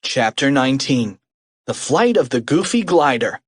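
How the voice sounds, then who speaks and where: Animated male storybook narrator. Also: mid-range voice, normal speed, slightly rough, no room sound. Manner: animated, expressive read. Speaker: audiobook narrator.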